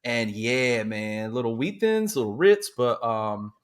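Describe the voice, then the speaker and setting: A man, co-hosting a casual podcast and talking in a relaxed, easygoing way. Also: mid-range voice, unhurried. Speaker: podcast co-host. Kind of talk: casual chat.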